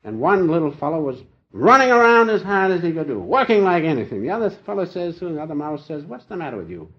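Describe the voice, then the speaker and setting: Older man giving a lively spiritual talk. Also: a little high, brisk. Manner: folksy storytelling with gentle humor. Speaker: spiritual teacher. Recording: dull lo-fi old recording.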